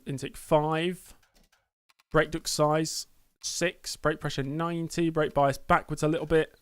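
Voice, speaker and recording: Streaming a racing game from an indoor green-screen setup, this man stages a mock press conference with his chat and calls the viewers "mate." His voice sits fairly high, and there's no echo.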